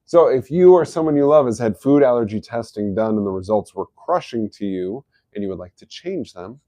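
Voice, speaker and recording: Mellow-voiced man hosting a health stream. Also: medium pitch, expressive, brisk, dry recording. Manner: easygoing, explanatory, chuckles at his own jokes. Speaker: host of a health live stream. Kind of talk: casual live-stream talk.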